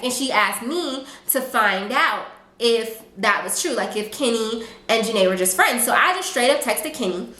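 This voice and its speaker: Young woman rambling through a storytime, kinda high voice, echoey room. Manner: animated, chatty, lots of fillers and quoted asides. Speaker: vlogger. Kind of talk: casual storytime.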